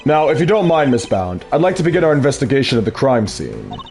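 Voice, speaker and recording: A calm, courteous defense lawyer played by a man, speaking in a mid-range voice with very animated pitch swings. His phrasing stays polite, measured and formal in a fan dub of a game. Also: vocal fry, soft background music. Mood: composed.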